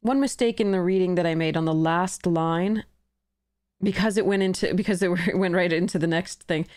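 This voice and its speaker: Woman streaming a card game, lowish voice, dry close sound, laughs a lot and backtracks. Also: moderate pace, a little mellow, no echo. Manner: chatty, laughs often, self-correcting. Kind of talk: casual commentary while playing a card game.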